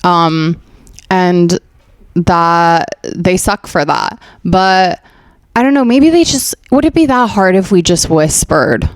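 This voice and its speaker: A woman's voice: on the low side, slow, no echo. A young woman from Afghanistan hosting a comedic podcast at home, chatty and sarcastic, laughing often and filling her talk with "like". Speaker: podcast host.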